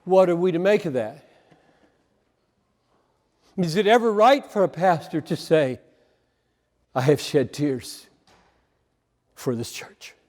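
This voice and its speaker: A male preacher giving an impassioned, emphatic sermon, swinging between loud emphasis and quiet asides. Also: a little high, animated, takes it slowly, long pauses, long reverb tail.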